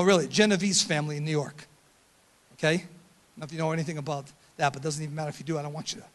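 An older man preaching a sermon as pastor, shouting his points with emphasis and then dropping to quiet storytelling. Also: high-pitched.

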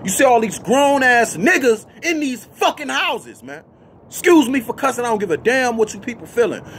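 A man's voice: extremely high pitch, very animated, moderate pace, a bit bright, a little hiss or hum. A man preaching a fiery, blunt freestyle street sermon to camera, cussing freely and tagging lines with "you see what I'm saying" and "man.".

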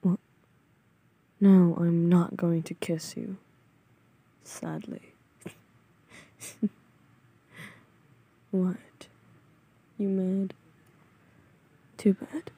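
A woman voicing a grumpy, sleepy young man in a whispered role-play, with a curt, irritable and mocking way of talking and a husky, breathy whisper. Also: on the low side, little pitch movement, extremely slow, long pauses, mellow, full character voice. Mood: teasing. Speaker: voice actor.

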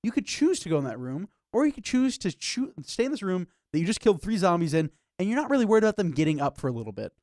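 A man co-hosting a casual podcast, talking animatedly and acting out little scenes in put-on voices. His voice sits high and swoops all over. The sound is close and dry, with no room around it. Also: very animated, fast talker, hardly any pauses, darkish tone, dry recording. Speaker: podcast co-host. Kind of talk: casual chat about games and horror.

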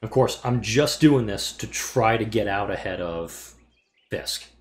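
Gaming host, male, casual play-by-play, thinks out loud, mumbles, swears now and then, pitch swings a lot. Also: lively intonation, a little slow. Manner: thinks aloud, muttering to himself while planning. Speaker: let's play gamer. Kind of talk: casual gameplay commentary.

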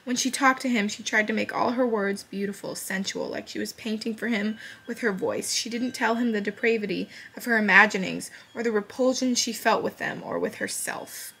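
A woman's voice: medium pitch, moderate pace, few pauses, pushed and bright, slightly rough. A woman book vlogger talking casually and candidly, swearing now and then, and reading passages aloud with feeling.

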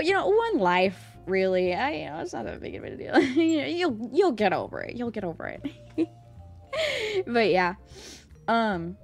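A woman streamer chatting casually with her viewers live, excitable, swearing freely and laughing often, rambling and repeating herself. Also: on the high side, gravelly.

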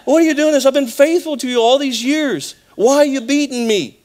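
A man voicing a hurt male talking donkey who pleads in a high, plaintive way while telling a story in a sermon. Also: brisk, darkish tone. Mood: hurt pleading.

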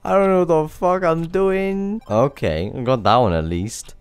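A man playing a stressful game and commenting, swearing and yelling frantic exclamations as he goes, sounding out of breath. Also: lowish voice, animated, a little fast, hardly any pauses, smooth, no echo, faint music behind. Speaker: gaming channel host. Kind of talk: let's play commentary.

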